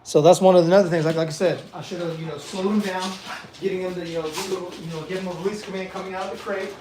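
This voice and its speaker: A man's voice: high voice, steady tone, quick pace, mellow. A man working as a dog trainer, chatting in laid-back slang while he trains dogs and talks to viewers. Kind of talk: live-streamed training session chat. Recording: echoey room, off-mic, noisy.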